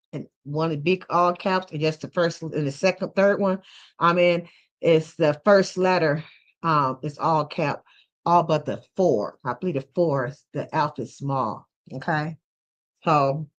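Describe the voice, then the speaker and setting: A woman's voice: deep voice, muffled recording. A woman hosting a casual livestream who rambles, uses many fillers, and keeps checking in with "okay?". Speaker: livestream host.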